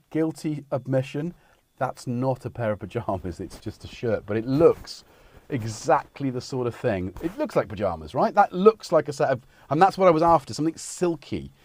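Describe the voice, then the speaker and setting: A man's voice: medium pitch, a little mellow. A middle-aged man hosting a livestream, rambling in casual chat and breaking off mid-sentence. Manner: chatty, meandering, self-interrupting. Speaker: livestream host. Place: home studio.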